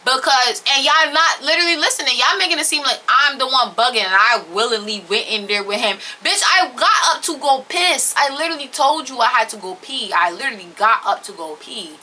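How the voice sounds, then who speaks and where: Bright-voiced young woman ranting a storytime. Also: high-pitched, a little fast, hardly any pauses, a little hiss or hum. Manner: animated, profane, slangy, emphatic. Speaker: storytime vlogger. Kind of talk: casual storytime chat to camera. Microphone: camera or phone on-board mic.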